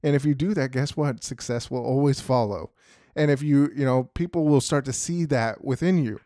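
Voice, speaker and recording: In a clean, echo-free studio recording, a man with a dark, mid-range voice at normal speed hosts a podcast. His motivational talk is relaxed, peppered with "you know" and frequent "right?" aimed at the listener.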